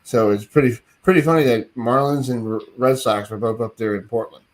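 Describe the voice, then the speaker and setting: A man's voice: medium pitch, a little fast. A man hosting a sports radio show from his home, telling stories in a rambling, chatty way. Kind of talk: casual radio chat.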